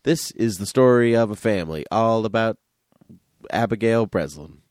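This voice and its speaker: A man hosting a casual podcast chat, playful and teasing, quick with a joke. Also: on the low side, darkish tone, no echo, studio quality. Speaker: podcast host.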